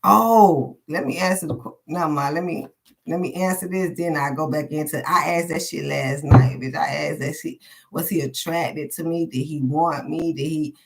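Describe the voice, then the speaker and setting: A woman with a low, gravelly voice gives a casual live tarot reading at a moderate pace, with slight noise in the background. She talks frankly and rambles as if thinking aloud, cursing freely and laughing briefly between thoughts.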